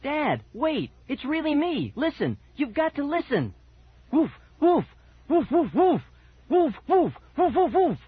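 A man voicing a young boy stuck in a dog's body, pleading loudly in a high voice. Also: wildly swooping pitch, takes it slowly, dry recording, heavily acted. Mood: desperate. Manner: high, pleading, loud yelping. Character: frantic young boy trapped as a dog. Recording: dull lo-fi audiobook recording.

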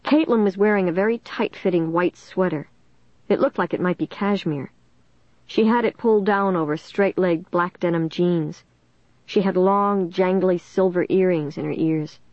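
A woman reading a first-person audiobook in a steady, measured way. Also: lowish voice, dry recording, lo-fi sound. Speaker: audiobook narrator.

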